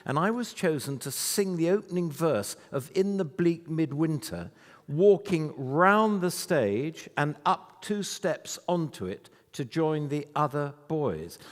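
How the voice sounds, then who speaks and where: A man in his eighties giving an anecdotal, self-deprecating talk about his life to a festival audience. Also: a little high. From United Kingdom. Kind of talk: storytelling lecture to a live audience. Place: festival venue before an audience. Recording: reverberant hall.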